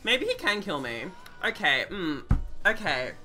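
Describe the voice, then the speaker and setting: A young woman in her twenties streaming a game, swinging from low muttered commentary to shrieking apologies. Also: huge pitch swings, unhurried, bright, forceful tone, soft background music. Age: 20s. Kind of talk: live gameplay commentary.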